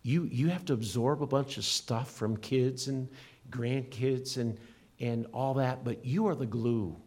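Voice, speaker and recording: A middle-aged man delivers a sermon as a pastor with earnest emphasis, letting his voice climb and fall. It's a mid-range, darkish, husky voice, steady in tone and measured in pace.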